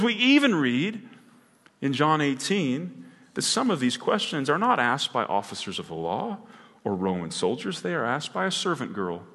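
Male pastor, mid pitch, earnest sermon delivery with emphatic swells; reverberant sanctuary sound. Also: sing-song, normal speed, a bit bright, slightly rough. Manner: earnest, rising to emphatic peaks with frequent restarts. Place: church sanctuary.

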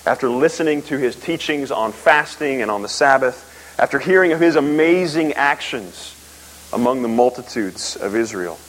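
A man preaching a sermon, emphatic, asking rhetorical questions and swinging from loud peaks to low, quiet lines. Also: lively intonation, normal speed, low-quality recording. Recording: faint hiss.

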